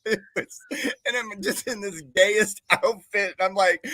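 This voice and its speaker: A man co-hosting a talk show, telling a story in a casual, animated way, laughing often and saying "like" a lot. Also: sits high, measured pace, dry recording.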